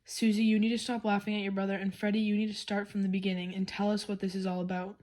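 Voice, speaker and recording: A woman voicing a calm, encouraging father reassuring his son in a children's storybook reading. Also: mid-range voice, fast, close to an everyday voice.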